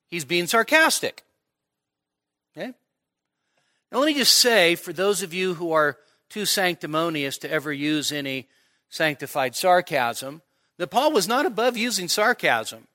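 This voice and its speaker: A man's voice: on the high side, pushed and bright. A man preaching an expository sermon to his congregation in a conversational way, often checking in with "right?" and "okay?" and acting out imagined dialogue with playful sarcasm. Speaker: pastor.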